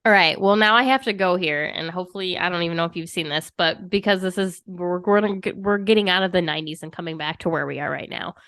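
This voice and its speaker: A woman's voice: lowish voice, fast talker, few pauses, fairly bright tone, dry recording, studio quality. A woman co-hosting a podcast in casual chat, eager and talkative, often acting out what she and others said. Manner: chatty, eager, quotes herself and others. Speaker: podcast co-host.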